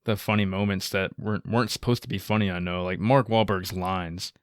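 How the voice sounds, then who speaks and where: A young man co-hosting a podcast, chatting casually about movies, laughing along and quoting lines in a high mock voice. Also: steady tone, a little fast, dry recording, studio quality. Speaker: podcast co-host. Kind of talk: casual movie review chat.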